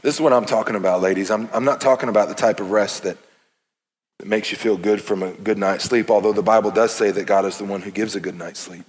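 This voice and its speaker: Fairly low in pitch, fast, and fairly even in intonation, this man in his thirties is a pastor delivering an impassioned, earnest sermon with playful asides. He's in a church sanctuary, where a big hall's long reverb trails his words.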